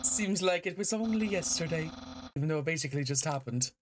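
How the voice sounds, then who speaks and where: A goofy, boastful skeleton chattering in a lively, bouncing pitch with a Scottish lilt that comes and goes, as a woman puts him on. He sounds upbeat and silly, full of pride in his odd little things. Faint hiss sits under the voice. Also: fast talker. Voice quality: slipping Scottish-ish accent.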